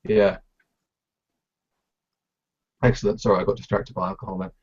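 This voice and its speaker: A man co-hosting a casual live podcast, talking in a halting, playful way with lots of restarts. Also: fairly low pitch, steady tone, breathy edge, muffled recording. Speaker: podcast co-host.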